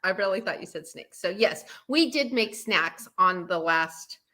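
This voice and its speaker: A woman's voice: on the low side, animated, unhurried, bright, forceful tone. A woman with a New Zealand accent, a guest on a chat show, playful and laughing often. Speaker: guest health coach. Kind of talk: casual chat.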